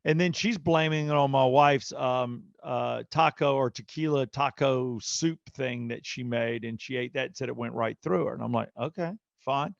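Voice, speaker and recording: A man's voice: medium pitch, normal speed, gravelly, hardly any pauses, dry recording, highs cut off. A middle-aged man co-hosting a podcast, telling a long story in casual chat and acting out everyone's lines as he goes. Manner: animated storyteller, acting out quotes. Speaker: podcast co-host.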